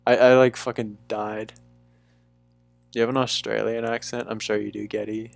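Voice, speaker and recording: A man's voice: fairly low pitch, little pitch movement, moderate pace, creaky, no echo, soft background music. A young man from Bermuda with a mixed, faintly English-tinged neutral accent, chatting casually and rambling on a live stream, swearing freely.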